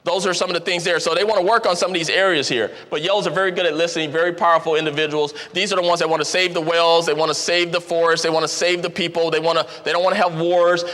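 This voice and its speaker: Male seminar speaker, high bright voice, energetic and jokey, big hall reverb. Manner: energetic, jokey, repeats for emphasis. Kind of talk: motivational seminar talk. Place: large event hall. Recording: long hall reverb from a live event.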